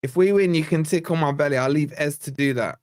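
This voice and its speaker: An English man hosts a live football fan stream, reading viewer chat aloud in a chatty, excitable way during a watch-along. His voice is a little high and he talks fast, recorded at studio quality with no echo.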